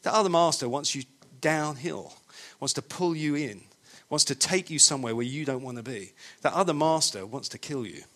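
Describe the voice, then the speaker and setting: Emphatic preacher, slightly high voice. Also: male voice, moderate pace, fairly bright tone. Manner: emphatic, repetitive, conversational. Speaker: pastor. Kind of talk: sermon.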